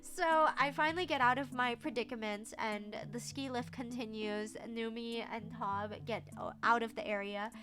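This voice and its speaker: A woman streamer telling a story in casual chat, acting out her own panic with stammers and quick bursts. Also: on the high side, steady tone, background noise.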